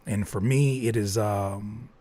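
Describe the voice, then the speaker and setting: Slow and steady, a man with a lowish, mellow voice reviews songs from his listeners on a live stream. His feedback is candid and joking, and he thinks aloud as he works through each track.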